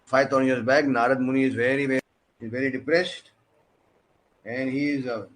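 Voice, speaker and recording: A man giving a storytelling sermon as a preacher, animated and often asking questions of his listeners. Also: mid-range voice, normal speed. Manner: animated, with many "you know" fillers and questions to the audience.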